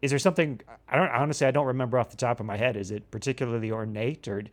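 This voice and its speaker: A man's voice: mid-range voice, steady tone, rapid-fire. A man co-hosting a casual podcast who playfully coaches his co-host on a word and laughs a lot. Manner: teasing, coaching pronunciation, frequent laughter.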